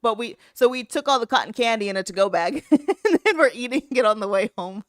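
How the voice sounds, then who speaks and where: A woman co-hosting a podcast, telling stories in a casual, animated way and laughing often. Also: a little high, a little fast, no room sound, clean studio sound. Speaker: podcast co-host. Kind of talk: casual chat.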